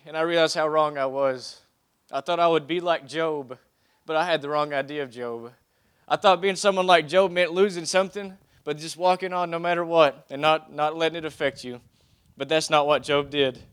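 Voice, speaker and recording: A man's voice: on the high side, a bit bright, clean tone. A young man giving a heartfelt sermon, reading scripture aloud and speaking earnestly, often restarting his phrases. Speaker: preacher.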